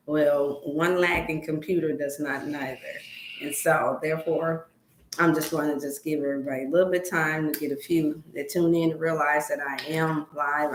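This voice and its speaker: Role: host. Sex: woman. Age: middle-aged. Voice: low. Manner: chatty, folksy, faith-filled. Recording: echoey room. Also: fairly bright tone, a little hiss or hum. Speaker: wellness livestream host. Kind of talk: casual livestream chat with prayer. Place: room at home.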